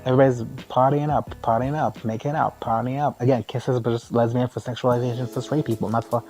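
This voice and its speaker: A man's voice: mid-range voice, level tone, fast, a little mellow, soft background music. Crude, sarcastic man recapping a movie. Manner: crude, sarcastic, laughs often, mimics characters. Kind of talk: casual profane movie recap.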